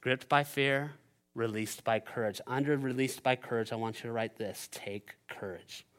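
A man preaching a sermon as pastor, animated and playful, swinging between loud urgency and quiet emphasis. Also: medium pitch, moderate pace, clear, resonant tone. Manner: playful asides and silly voices for the disciples.

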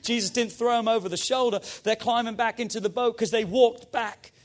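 A man preaching a sermon as pastor, energetic and emphatic, urging his congregation on. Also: very high voice, fairly quick.

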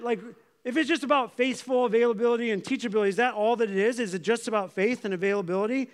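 High-voiced male pastor preaching. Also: fast. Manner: conversational, uses props and questions the congregation. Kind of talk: sermon. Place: church.

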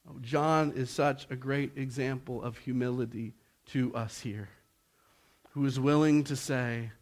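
A man preaching a sermon, swinging between loud exhortation and hushed softness and asking rhetorical questions. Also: medium pitch, fairly even intonation, a little slow. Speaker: pastor.

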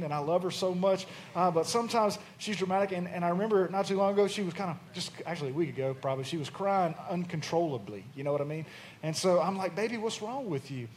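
A man in his thirties preaching a conversational sermon in church, rising in force. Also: high-pitched. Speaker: pastor.

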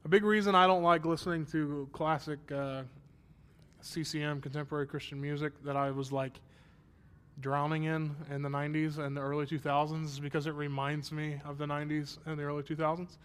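A man's voice: fairly high pitch, level tone, a little fast, a bit bright, clear, resonant tone. A man in his thirties preaching a sermon, self-deprecating and conversational, then rising to emphatic praise. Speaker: pastor. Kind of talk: sermon with personal story.

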